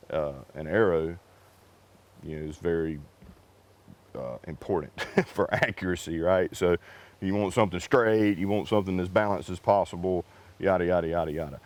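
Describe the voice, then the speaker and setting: A man with a very low voice talks through outdoor gear in a loose, rambling way. He restarts phrases often and keeps a relaxed tone. He is recorded outdoors in the woods on a camera mic that sometimes sits off to the side. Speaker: gear reviewer. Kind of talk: casual unboxing vlog.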